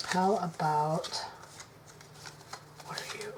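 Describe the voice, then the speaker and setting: A woman vlogging her craft work to camera on a tripod, thinking aloud, indecisive, often dropping into soft mutters. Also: medium pitch, normal speed, very noisy. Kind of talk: casual crafting chat to camera.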